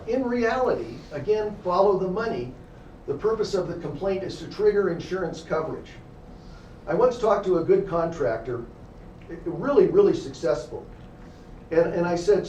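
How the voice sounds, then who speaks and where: A man's voice: high-pitched, a little mellow. A man lecturing a class as a defense attorney, telling emphatic stories and speaking directly to the students. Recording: echoey room, distant mic, faint hum.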